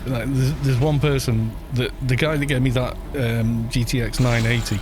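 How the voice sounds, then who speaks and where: A man streaming a game, chatting casually in a quiet, gentle voice, rambling with restarts and soft laughs. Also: mid-range voice, fairly even intonation, normal speed, background noise. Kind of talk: casual live-stream chat while gaming.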